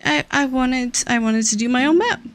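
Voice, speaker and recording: A woman streamer chatting casually with friends while gaming, easygoing and quick to laugh. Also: high-pitched, dry recording.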